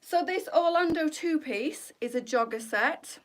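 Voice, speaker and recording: A woman's voice: high voice, measured pace, slight background noise. A woman hosting a boutique clothing live stream, chatting and greeting viewers by name in an affectionate, gushing way.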